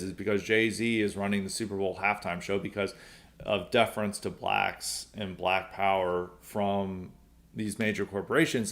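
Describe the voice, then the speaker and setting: Young guy hosting a podcast, rambly, lots of ums, reading out listener questions. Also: fairly low pitch. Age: young adult. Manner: rambling, frequent fillers and restarts. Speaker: podcast host. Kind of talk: casual mailbag commentary.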